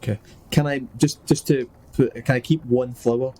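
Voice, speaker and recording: Man, middle pitch, playful player with a faint hiss behind him. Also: steady tone, normal speed, dark tone, poor audio. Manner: chatty and playful, laughs often. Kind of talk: casual tabletop play.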